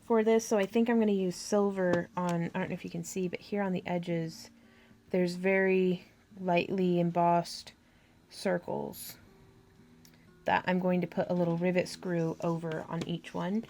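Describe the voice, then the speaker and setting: Gravelly woman chatting through a craft tutorial. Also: fairly low pitch, level tone, measured pace, a little mellow, a little hiss or hum. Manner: chatty, thinking aloud, with fillers and little laughs.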